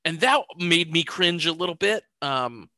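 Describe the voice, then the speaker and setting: A man hosting a casual film review podcast, animated and joking, quick to laugh. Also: fairly high pitch, no room sound. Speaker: podcast host.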